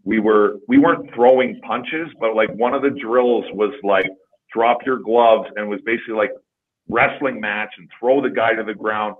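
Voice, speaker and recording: A man tells rambling, profane career stories in a casual podcast chat. His voice sits low and sounds husky. It comes through a tinny, phone-like line. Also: steady tone, normal speed. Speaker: podcast guest, former hockey player. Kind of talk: casual storytelling.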